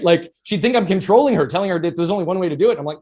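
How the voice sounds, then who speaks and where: Fast-talking earnest male coach. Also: sits high, expressive, a little mellow, breathy edge. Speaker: guest, behavior coach. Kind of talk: podcast interview.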